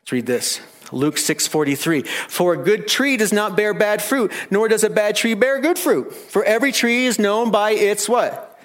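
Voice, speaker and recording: A man's voice: high voice, moderate pace, a bit bright. A man preaching a sermon, earnest and emphatic, asking the congregation many questions. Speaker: pastor.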